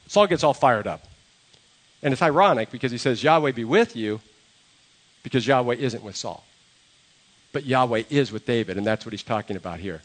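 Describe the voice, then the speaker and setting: A man preaching a sermon, telling a story in a relaxed, conversational way and acting out the quoted lines. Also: medium pitch, a little fast. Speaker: pastor.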